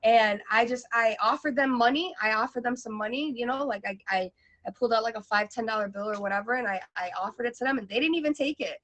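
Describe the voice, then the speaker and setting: A woman telling a personal story in a lively, animated way, often laughing and acting out her own panic. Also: fairly high pitch, fast, rough recording.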